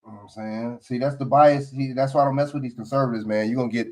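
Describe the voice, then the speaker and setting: A man's voice: mid-range voice, steady tone, fast, a little mellow. Blunt, profane man ranting on a livestream. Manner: blunt, profane, repeats "you know what I'm saying". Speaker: livestream host. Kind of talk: casual political commentary. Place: home studio, livestream.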